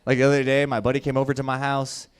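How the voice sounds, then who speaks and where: A young adult man doing a profane stand-up comedy set on a club stage, swinging between loud shouting and low mutters. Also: completely flat delivery, fast talker, clean tone.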